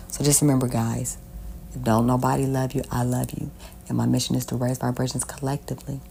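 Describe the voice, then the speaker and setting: Low gravelly-voiced woman, candid and rambling. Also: dark tone, a little hiss or hum. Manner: candid, rambling, swears freely. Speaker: self-help vlogger. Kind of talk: casual personal storytelling. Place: Southern United States.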